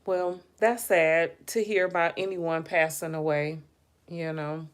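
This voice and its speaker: A woman's voice: deep voice, steady tone, a little slow. A woman hosting a casual livestream, chatting about celebrity news, musing aloud and addressing her viewers directly. She keeps yawning and sounds tired. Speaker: livestream host. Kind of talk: casual live gossip commentary.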